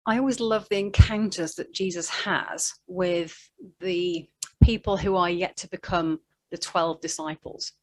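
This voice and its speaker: A woman's voice: fairly low pitch, steady tone, measured pace. A woman giving a conversational sermon, telling the story in a chatty way with asides. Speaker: preacher.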